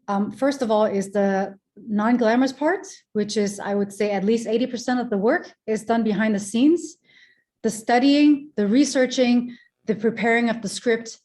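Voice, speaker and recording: A woman in her thirties who works as a presenter and speaking coach talks animatedly and projects her slightly high voice. Interviewed over a remote call mic, she explains her points with examples.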